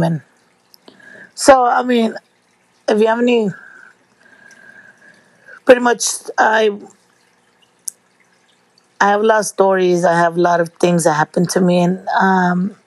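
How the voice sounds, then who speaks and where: A middle-aged woman telling stories to her viewers in a casual, lively way, laughing and swearing freely. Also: on the low side, no echo. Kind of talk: casual storytelling.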